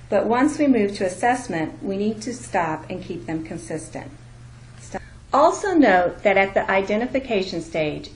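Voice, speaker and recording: A woman's voice: medium pitch, a little hiss or hum, poor audio. A woman instructor giving a careful, explanatory lecture narration.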